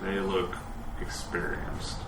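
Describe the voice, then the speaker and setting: A man narrating as game master of a tabletop game, relaxed and hesitant, recorded in a roomy space. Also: low-pitched, slow pace, heavy background noise.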